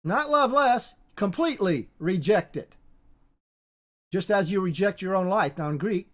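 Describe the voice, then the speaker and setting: A Bible teacher giving an informal spoken lesson, halting and repetitive, often restarting words and repeating points for emphasis. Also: mid-range voice, expressive.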